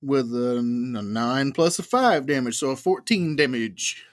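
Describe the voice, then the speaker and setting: A man's voice: medium pitch, lively intonation, measured pace, dry recording, clean studio sound. A man playing a tabletop game, describing his character's actions with playful banter. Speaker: player. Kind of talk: casual tabletop play.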